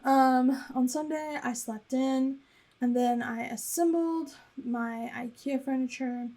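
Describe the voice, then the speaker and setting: A woman's voice: high-pitched, steady tone, slow, warm tone. A young woman casually recapping her weekend in a rambling, chatty voice-over for her planner vlog. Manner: rambling and chatty, with frequent fillers. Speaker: planner vlogger.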